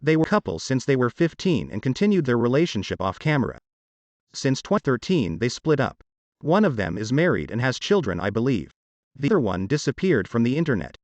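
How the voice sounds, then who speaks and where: Man narrating online posts, lively pitch. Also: brisk, no room sound, dull audio. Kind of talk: reading online posts aloud.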